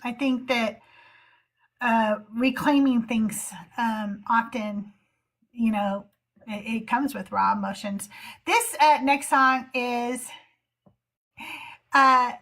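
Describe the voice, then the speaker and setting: A woman hosting a live call-in show, talking slowly and earnestly with many fillers. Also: on the high side, a bit bright. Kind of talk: casual livestream talk.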